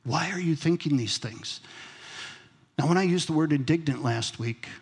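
A man's voice: fairly high pitch, normal speed, slightly rough, in a large hall. A man preaching a sermon as pastor, in a conversational way, asking his congregation questions. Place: church sanctuary.

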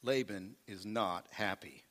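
A male pastor preaching a sermon, animated, calling for responses from the congregation and acting out quotes from the text. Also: on the low side, slow pace.

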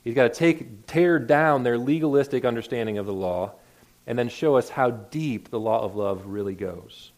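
A man's voice: medium pitch, moderate pace, darkish tone. Earnest man preaching a sermon. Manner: earnest, conversational preaching with repeated restarts. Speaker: pastor.

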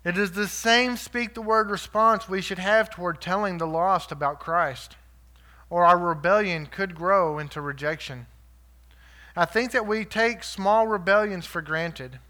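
A lay preacher with a high, bright voice delivers a sermon. His tone is earnest yet conversational, and he keeps checking in with listeners through quick rhetorical asides.

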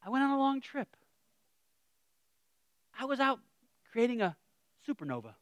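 A man voicing a mock version of God, softly apologizing in a high, gentle voice. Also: sing-song, moderate pace, no echo. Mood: mock apologetic. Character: apologetic, absent-minded God, male, fussing softly.

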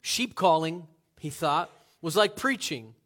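An earnest male pastor delivering a sermon to his congregation. He builds to emphatic peaks and asks rhetorical questions, in a slightly high voice. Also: lively intonation, takes it slowly, fairly bright tone.

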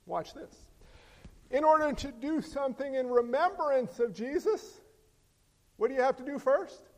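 A man preaching a sermon as pastor, animated, swinging from loud exclamations to hushed emphasis. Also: extremely high pitch, measured pace. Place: church sanctuary. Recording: long hall reverb.

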